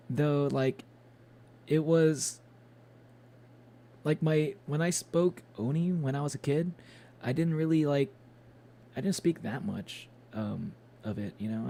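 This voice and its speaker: A man's voice: mid-range voice, creaky, warm tone, slight background noise. A man streaming a game, chatting casually and rambling with lots of fillers and little chuckles. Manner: rambling, many fillers and restarts, chuckles often.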